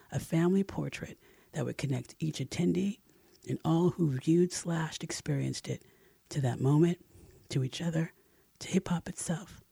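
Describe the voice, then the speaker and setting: A man narrating a first-person memoir in an expressive audiobook reading, close to the mic. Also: on the high side, creaky, dry recording.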